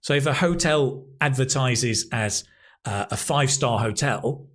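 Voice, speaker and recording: A man's voice: medium pitch, measured pace, a bit bright. Speak as a patient male English teacher. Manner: patient, explains word by word. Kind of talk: explaining vocabulary, casual chat.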